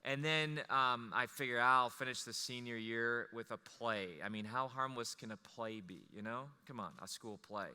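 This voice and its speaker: A man telling a personal story to an audience, animated and rambling, with restarts. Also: mid-range voice, normal speed, few pauses, clear, resonant tone, in a large hall. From Wisconsin.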